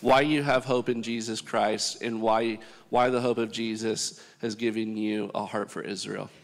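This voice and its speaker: A man hosting a church panel in a relaxed, easygoing way, often pausing on fillers. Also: on the low side, long reverb tail. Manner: easygoing, filler-heavy, laughing. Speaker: church host leading a panel.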